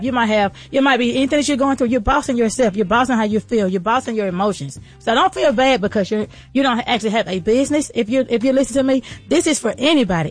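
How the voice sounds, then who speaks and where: A woman delivers a motivational faith-based talk at a brisk clip. Her delivery is casual and folksy, rising into fervent, preacher-like encouragement. Faint music plays beneath her voice. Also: fairly high pitch. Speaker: podcast host and entrepreneur.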